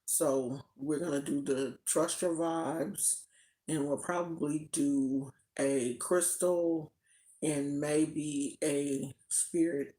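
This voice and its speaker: A woman's voice: low-pitched, mellow. An older woman hosting a spiritual channel, chatting casually on a livestream in a rambling way. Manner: chatty, rambling, with fillers and restarts. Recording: roomy echo.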